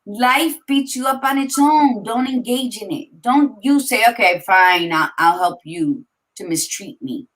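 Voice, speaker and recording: A woman's voice: fairly high pitch, expressive, unhurried, few pauses, a bit bright, rough recording. A woman co-hosting a talk podcast, casual and encouraging, speaking straight to the listener. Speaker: podcast co-host. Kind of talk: casual chat.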